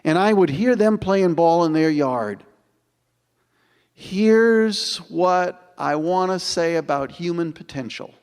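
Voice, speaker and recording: Man in his 60s, motivational speaker, slightly high voice, dramatic build-ups, long hall reverb. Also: lively intonation, a little mellow, clean tone. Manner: dramatic, building repetitions with slow emphatic pauses. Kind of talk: inspirational storytelling speech. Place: large auditorium.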